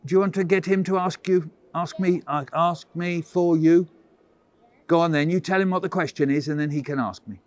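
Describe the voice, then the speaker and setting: A man's voice: fairly high pitch, moderate pace. A man leading a school workshop for children over a video call, telling playful stories and teasing them in a theatrical, mock-huffy way. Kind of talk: playful storytelling talk to children.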